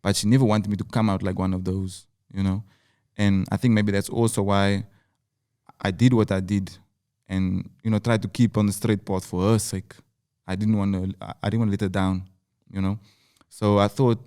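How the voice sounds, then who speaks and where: A man's voice: lowish voice, level tone, normal speed, dark tone, smooth. A rapper from South Africa with a Cape Town accent, telling his story in an interview, earnest and building his points through repeated phrases. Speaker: rapper guest. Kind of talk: reflective interview talk.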